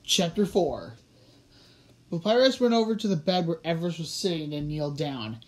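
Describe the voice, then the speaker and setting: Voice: medium pitch, expressive, normal speed, darkish tone, slight background noise. A young amateur reader narrating a fan story aloud, often stumbling and correcting words mid-sentence. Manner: stumbling, self-correcting reading. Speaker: audiobook reader.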